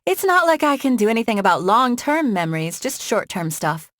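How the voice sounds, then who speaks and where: A woman's voice: fairly high pitch, very animated, fairly quick, fairly bright tone, no echo, studio quality, pitched above the performer's own voice. A woman voicing a playful young con-artist woman in an audiobook, talking in a breezy, teasing way.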